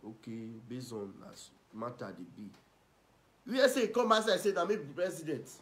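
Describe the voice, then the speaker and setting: A man with a Nigerian Pidgin accent giving ranting, mocking gossip commentary, scolding and swinging between loud and soft. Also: fairly high pitch, wildly swooping pitch, brisk. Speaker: online commentator.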